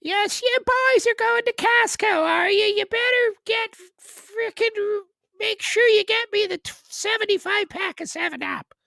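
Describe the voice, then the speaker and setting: A man putting on a rowdy rural local with a Newfoundland and Ottawa Valley accent, in a shrill, hollering falsetto. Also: normal speed, creaky, sharp tone, no room sound, studio quality, exaggerated voice. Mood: boisterous. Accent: Newfoundland mixed with Ottawa Valley.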